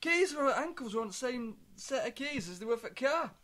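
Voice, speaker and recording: A man on a comedy podcast, rambling through deadpan anecdotes with stammered restarts. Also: very high-pitched, normal speed. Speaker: podcast co-host. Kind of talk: comic storytelling chat.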